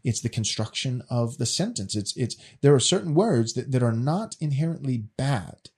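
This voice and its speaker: Earnest husky man teaching. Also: mid-range voice, sing-song, moderate pace, a little mellow. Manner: earnest, repeats words as he restarts. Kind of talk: casual teaching talk.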